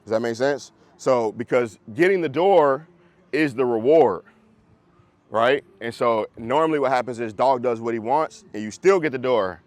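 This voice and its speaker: A man's voice: medium pitch, moderate pace, darkish tone, no room sound. A man, a dog trainer, coaching a group class in a casual, conversational way over a video call, often checking that listeners follow.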